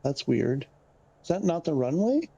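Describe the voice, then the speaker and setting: A man's voice: on the high side, sing-song, unhurried, creaky, warm tone, slightly rough, dull audio. A man streaming a flight game, explaining the radio steps in a chatty, wandering way, talking into a headset mic. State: slightly winded. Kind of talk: casual gameplay commentary.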